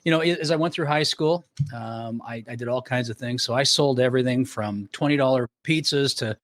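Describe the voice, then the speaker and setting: A middle-aged podcast guest who works as a sales trainer tells lively stories in a casual interview, acting out dialogue and restarting often. Canadian-born but Florida-raised, he has a South Florida accent and a medium-pitched, slightly fast, somewhat bright voice.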